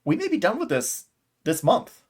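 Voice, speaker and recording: Wry, relaxed podcast co-host man. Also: high-pitched, moderate pace. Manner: relaxed, wry, organizes the discussion. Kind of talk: casual book club chat.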